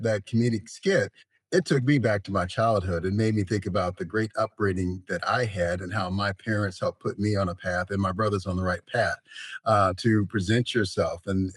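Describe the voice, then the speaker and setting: A middle-aged man and college president, a podcast guest telling stories about his career in a measured way with frequent fillers. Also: on the low side, dry recording. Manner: measured, storytelling, frequent "you know". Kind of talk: podcast interview.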